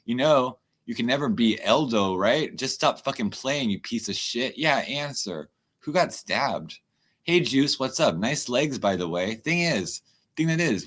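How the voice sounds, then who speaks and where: A man's voice: mid-range voice, expressive, measured pace, fairly bright tone. A man ranting and swearing on a livestream, chatting loosely with his viewers. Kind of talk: livestream rant.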